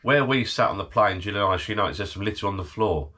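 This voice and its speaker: A man's voice: fairly low pitch, lively intonation, quick pace, pushed and bright. A middle-aged man recovering from illness, chatting casually to his channel from his garden bar shed, rambling and laughing often. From United Kingdom. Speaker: channel host. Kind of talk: casual vlog chat.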